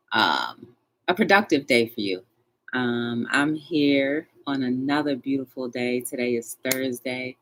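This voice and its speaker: A woman hosting a casual livestream talk show, greeting her viewers one by one in a chatty, animated way. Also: extremely low pitch.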